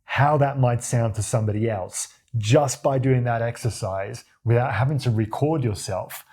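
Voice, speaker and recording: Deep-voiced communication coach. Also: male voice, moderate pace. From Australia. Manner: demonstrative, animated, acts out examples with his voice. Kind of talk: talking-head tutorial to camera.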